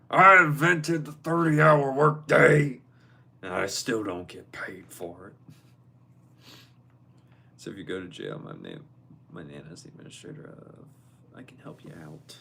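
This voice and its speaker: A young man hosting a casual livestream, reading viewer messages aloud and reacting to them in a quick, playful way. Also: sits low, sing-song, gravelly, a bit bright, slightly rough. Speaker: livestream host. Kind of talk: casual live-stream chat.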